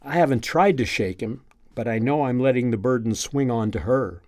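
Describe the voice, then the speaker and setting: A man reading a first-person story aloud in a calm, measured, reflective way. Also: mid-range voice, dry recording, clean studio sound. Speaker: narrator.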